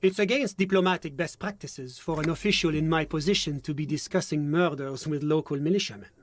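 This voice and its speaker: A man voicing a polished, evasive male diplomat in a video game, speaking politely and smoothly while dodging questions. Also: fairly high pitch, fairly quick, natural voice. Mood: courteous. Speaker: foreign diplomat questioned by a detective.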